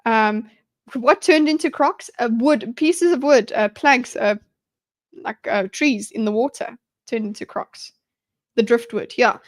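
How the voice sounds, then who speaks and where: A young woman with a high voice chats on her live stream. She rambles enthusiastically, circling back and restarting her sentences as she thinks aloud. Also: a little slow. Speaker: streamer hosting a live discussion. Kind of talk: casual live-stream commentary.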